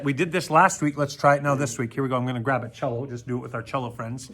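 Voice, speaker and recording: A man with a medium-pitched, steady voice talks fast, barely pausing, over loud music. He's teaching children an orchestra lesson on video, counting aloud, joking playfully with the kids and demonstrating on string instruments, with plucked strings heard in the background.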